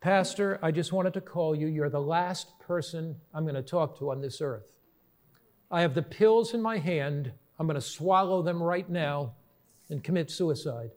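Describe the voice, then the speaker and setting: A despairing young woman on the phone, quoted by a male preacher speaks in a low, hushed voice. She sounds quiet and without hope. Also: a little slow, close to an everyday voice.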